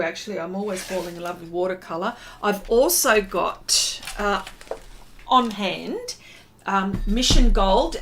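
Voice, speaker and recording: A woman's voice: medium pitch, a bit bright, slight background noise. A woman hosting a casual art livestream, chatting in a rambling way with many fillers and greeting viewers by name.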